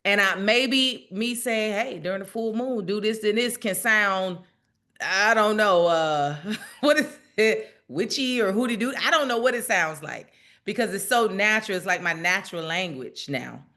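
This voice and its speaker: Woman, spiritual teacher, casual livestream talk, bright clear tone, chatty, laughs often, talks to viewers. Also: mid-range voice, animated, unhurried.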